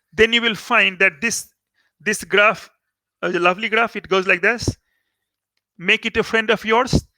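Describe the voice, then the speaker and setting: A man's voice: sits high, pushed and bright, dry recording. A man with an Indian English accent teaching calculus in a recorded lecture, explaining step by step and repeating key words for emphasis. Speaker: maths teacher.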